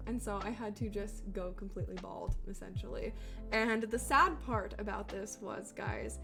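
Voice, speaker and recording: A young adult woman telling stories in casual chat with her viewers, full of fillers and easy swearing, often laughing. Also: a little high. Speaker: streamer reading chat.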